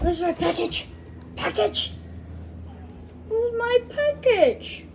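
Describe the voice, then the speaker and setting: A woman with a very high voice narrates her game as she plays. She swings from hushed, half-whispered murmurs to excited squeals and shouts, and her pitch jumps around with lively movement. Her pace is slow and unhurried, with a faint ambient hum behind her. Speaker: game player.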